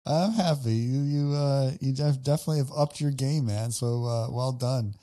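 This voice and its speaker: Friendly podcast co-host, mid pitch. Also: male voice, moderate pace, dark tone. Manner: friendly, laughs along, short replies. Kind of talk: casual chat.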